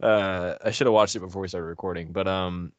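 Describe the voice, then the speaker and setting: A man co-hosting a podcast in casual chat, easygoing and quick to laugh. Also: low-pitched, fairly even intonation, no echo, muffled recording. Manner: easygoing, chatty, laughs often. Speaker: podcast co-host.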